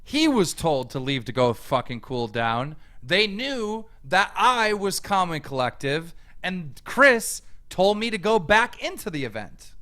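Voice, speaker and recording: A man's voice: high voice, big pitch swings, a little slow, few pauses, sharp tone. A man ranting angrily and profanely, mocking the person he answers. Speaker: YouTube commentator. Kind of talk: heated rant.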